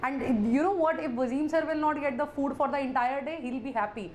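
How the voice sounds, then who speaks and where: High-pitched, chatty Indian woman teacher. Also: fairly quick, slight background noise. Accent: Indian English. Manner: chatty, playful, dramatic, mixing Hindi into English. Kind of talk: live online class, chatting with students.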